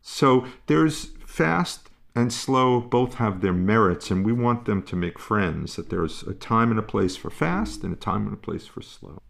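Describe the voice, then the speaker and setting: A man explaining parenting ideas in a calm, musing way, pausing and restarting as he thinks. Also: lowish voice, gravelly. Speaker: parenting expert guest. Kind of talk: conversational explanation.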